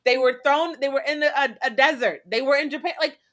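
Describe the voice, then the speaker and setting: Emphatic higher-voiced woman ranting. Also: fairly bright tone. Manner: emphatic, ranting with drawn-out stresses. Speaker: podcast co-host. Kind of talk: casual chat.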